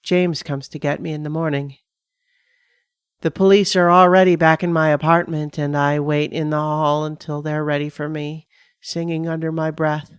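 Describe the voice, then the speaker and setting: A woman giving a measured, dramatic first-person reading of a scripted horror story on a close studio mic. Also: sits low, level tone, clean tone, dry recording. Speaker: narrator.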